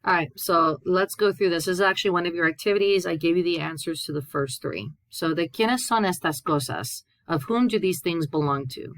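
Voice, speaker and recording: A woman with a low, dark-leaning voice walks students through a Spanish grammar lesson. She reads each example aloud, then translates it patiently. The sound is dry and close, with no room echo. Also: brisk, few pauses. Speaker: Spanish teacher. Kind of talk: recorded classroom lesson.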